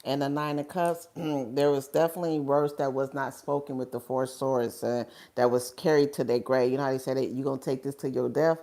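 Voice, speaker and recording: A woman's voice: extremely low pitch, fairly even intonation, a little fast, few pauses, dark tone. A woman giving a live tarot reading in a casual, rambling way, often checking in with "okay?". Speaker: tarot reader.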